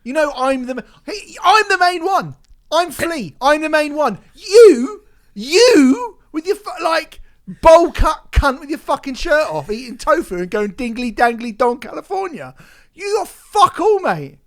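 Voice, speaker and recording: This is a furious, foul-mouthed middle-aged rock bassist, put on by a man, snarling insults in a raised, wildly swinging voice. He rants and jabs, and every line sounds like a grievance finally boiling over. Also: big pitch swings, unhurried, exaggerated voice. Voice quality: snarling and profane. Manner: ranting, jabbing insults.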